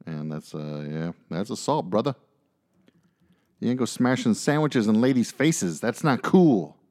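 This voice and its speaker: A man's voice: fairly low pitch, expressive, measured pace, a little mellow. A man co-hosting a podcast, telling stories in casual chat with lots of fillers and jokey asides. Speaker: podcast co-host.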